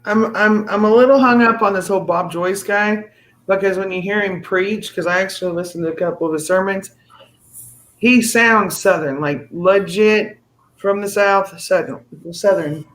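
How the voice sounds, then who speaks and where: A man hosting a live stream in casual chat, excitable and rambling, often restarting his sentences. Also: high-pitched, normal speed.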